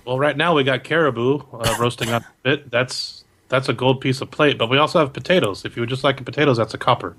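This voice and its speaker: A man's voice: mid-range voice, a bit bright, natural voice. Guy doing a barmaid lady, friendly but all business, rattling off prices. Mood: businesslike. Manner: brisk, listing prices.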